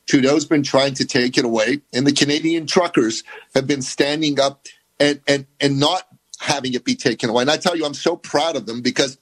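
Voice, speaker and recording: A man's voice: medium pitch, brisk, low-quality recording. A man from the Middle East as a guest commentator, talking heatedly and emphatically with stammering restarts.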